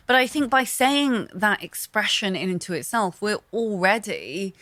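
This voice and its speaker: A middle-aged woman talking quickly and animatedly as a podcast guest, with lots of fillers and restarts. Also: mid-range voice, no echo. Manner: fast, animated talker with many fillers. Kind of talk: casual podcast conversation.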